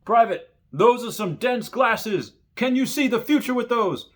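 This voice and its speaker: A man voicing a harsh male drill sergeant with high-pitched barking yells. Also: expressive, unhurried, exaggerated voice. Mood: mocking.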